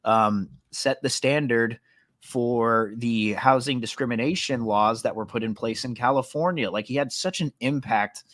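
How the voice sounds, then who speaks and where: A man's voice: medium pitch, unhurried, fairly bright tone, no echo, studio quality. A man co-hosting a sports podcast, talking casually with many fillers and restarts. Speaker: podcast co-host.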